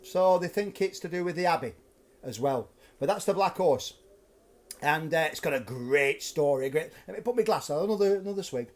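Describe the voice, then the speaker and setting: A man hosting a live stream from his flat, telling a ghost story in a chatty, animated way. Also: fairly high pitch, normal speed. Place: flat at home.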